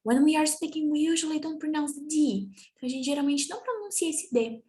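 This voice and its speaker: A young Brazilian woman, a native Portuguese speaker with a Brazilian accent, teaching English family words in a slow bilingual lesson, drawing out and repeating each word. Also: sits high, a little mellow. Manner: slow, drawn-out repetition of words for students.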